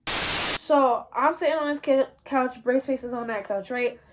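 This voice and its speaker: A young woman, casually telling a story to her viewers in a slangy, animated way and often calling out to them as y'all. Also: high voice, moderate pace, noisy background. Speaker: vlogger.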